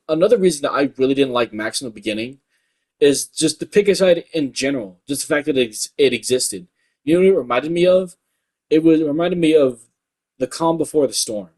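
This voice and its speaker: A man's voice: fairly high pitch, a little mellow. A young man with a light voice, ranting profanely in a rambling commentary full of filler words. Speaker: YouTube commentator.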